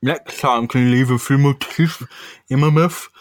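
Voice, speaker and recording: Man doing a battered superhero, sarcastic, dry, mid-pitched. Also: normal speed, dry recording, close to an everyday voice. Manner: sarcastic, deadpan complaints. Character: sarcastic male superhero getting beaten up.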